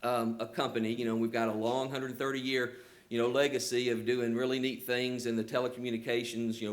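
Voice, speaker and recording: An older man with a rural Southern accent, presenting his company at a public hearing and taking questions, earnest, with lots of "you know" fillers. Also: mid-range voice. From Georgia, US. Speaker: telecom company representative presenting.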